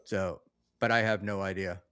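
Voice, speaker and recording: A man's voice: low voice, steady tone, moderate pace, a bit bright, clear, resonant tone, no room sound. A man hosting a live-streamed talk show, chatting casually, reading out donations and calling himself a control freak. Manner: bossy, reads out donations. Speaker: podcast host.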